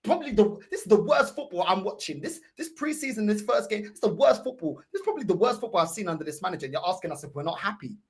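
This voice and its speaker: A woman's voice: mid-range voice, animated, quick pace, few pauses. A woman ranting about her football club in an exasperated, repetitive way. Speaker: football fan streamer. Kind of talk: ranting fan commentary.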